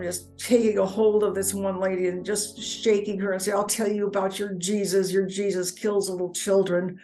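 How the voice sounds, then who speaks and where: A woman telling her personal life story in earnest, halting speech, often repeating words as she goes. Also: mid-range voice, mellow, rough recording. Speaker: near-death experience storyteller. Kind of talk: personal testimony.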